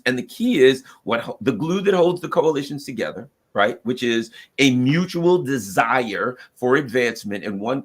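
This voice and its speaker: A man from the United States delivering an opinionated political commentary, arguing emphatically and acting out what nations might say. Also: fairly high pitch. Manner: emphatic, argumentative, acts out quoted voices of nations.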